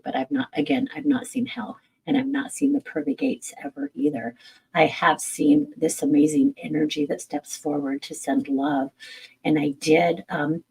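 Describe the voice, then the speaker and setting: A middle-aged woman, a medium, chats through viewer questions in a frank, unpolished way, cursing casually and poking fun at herself. Her voice sits a little low, with a gravelly edge and a husky texture. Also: a little mellow, low-quality recording. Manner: candid, blunt, swears casually, laughs at herself. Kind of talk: casual live-stream Q&A.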